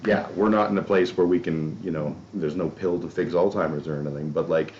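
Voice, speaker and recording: Very deep-voiced rambling male podcast host. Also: fairly even intonation, brisk, darkish tone. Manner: rambling, swears casually, self-deprecating asides. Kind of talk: casual chat. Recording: dull lo-fi audio.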